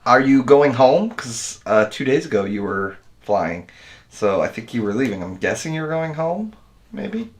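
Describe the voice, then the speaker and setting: An easygoing American man chats with his viewers on a stream, wandering from topic to topic. His voice sits at an ordinary middle pitch. He keeps it relaxed and calls everyone dude. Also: measured pace. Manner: rambling and laid-back, calls people dude and man. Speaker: video editor and channel host. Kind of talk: casual livestream chat with viewers.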